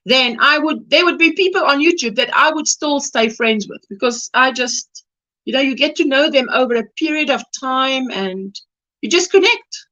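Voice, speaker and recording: A South African woman hosts a casual crochet livestream, her fairly high voice rising and falling in lively swings. She chats along easily, reading out viewers' comments and greeting each person by name. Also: moderate pace, low-quality recording. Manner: chatty, reads viewer comments aloud and greets them warmly by name.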